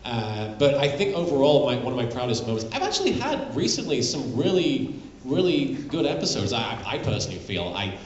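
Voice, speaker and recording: A man answering audience questions at a convention panel, talking in a candid, halting, self-deprecating way. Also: medium pitch, sing-song, slight background noise. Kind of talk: live Q&A panel talk. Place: large convention hall. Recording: echoey, dull convention hall sound. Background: audience murmur.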